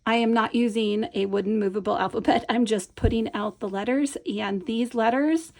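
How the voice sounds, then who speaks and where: Here a woman's voice sits on the high side, gravelly and a little mellow, at a moderate pace. She's a Montessori teacher demonstrating a hands-on reading lesson, encouraging and patient, frequently checking in with whoever is watching.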